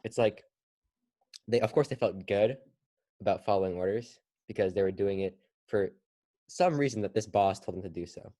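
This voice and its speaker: A man's voice: fairly low pitch, normal speed, mellow. A teenage boy co-hosting a casual podcast discussion, rambling through his points with fillers and restarts. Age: teens. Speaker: podcast co-host.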